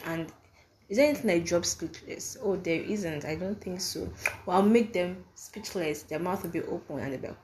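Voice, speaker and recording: A woman's voice: lowish voice, moderate pace, darkish tone, slight background noise. A young woman co-hosting a podcast, talking in a casual, emphatic way, often repeating her points and acting out the questions people ask. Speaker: podcast co-host. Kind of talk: casual chat.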